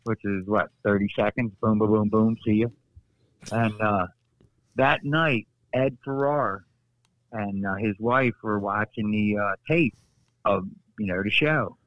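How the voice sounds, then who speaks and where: Animated man telling wrestling stories. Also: measured pace, dry recording, highs cut off. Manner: animated, acts out quotes with raised pitch. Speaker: podcast guest, former wrestler. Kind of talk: casual storytelling.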